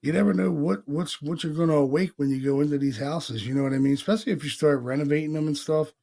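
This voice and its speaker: A man from Pennsylvania hosting a podcast, telling stories in a casual, animated way, acting out quotes and swearing freely. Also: a little high, quick pace, creaky. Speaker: paranormal podcast host. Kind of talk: casual storytelling chat.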